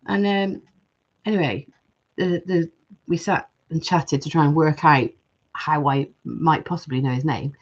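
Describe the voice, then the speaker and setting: A woman's voice: low voice, fairly even intonation, a little slow, dull audio. A woman hosting a live jewellery-making stream, chatting casually and reading viewer comments aloud.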